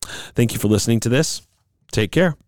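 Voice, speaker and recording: A man teaching a Bible study lesson, measured and emphatic, slowing down on key words. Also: mid-range voice, darkish tone, dry recording, clean studio sound.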